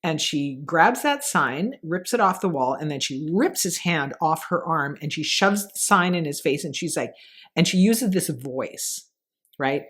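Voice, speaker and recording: A middle-aged woman co-hosts a casual chat show, her voice sitting a little low. She tells stories with gusto, acting out scenes and restarting her sentences as she goes. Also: a little slow. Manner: animated storyteller, acts out scenes with voices. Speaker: podcast co-host.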